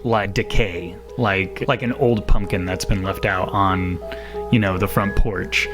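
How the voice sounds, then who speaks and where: A man's voice: low-pitched, fairly even intonation, unhurried, over music. A man narrating a tabletop game as game master, casual and full of fillers.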